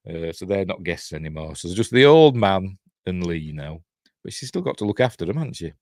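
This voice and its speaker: A man's voice: sits low, big pitch swings, brisk, darkish tone, no echo, clean studio sound. A middle-aged man with a Yorkshire accent recapping a horror film in a rambling, casual way, chuckling and briefly acting out characters' lines. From Yorkshire, England. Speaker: film reviewer.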